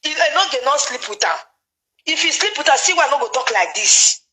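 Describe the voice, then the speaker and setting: A high, bright-voiced Nigerian woman holds forth on gossip in a loose, excitable chat. She slides in and out of pidgin, laughs often, and keeps pressing her point. Her tone is sharp and forward. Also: fairly quick, poor audio. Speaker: gossip commentator. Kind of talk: casual chat.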